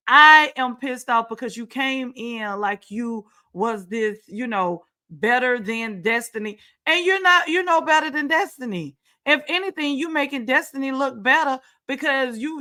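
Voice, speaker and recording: A woman's voice: fairly high pitch, sharp tone. A woman hosting her own talk show, giving emphatic, repetitive commentary with sarcastic asides. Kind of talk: casual commentary on reality TV. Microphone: home setup, screen sharing.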